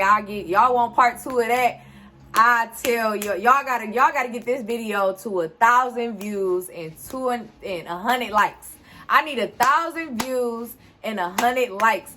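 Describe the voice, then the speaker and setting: A woman's voice: mid-range voice, bright, forceful tone, a little hiss or hum. A woman, animatedly telling a casual storytime straight to her viewers. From Detroit, USA. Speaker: vlogger.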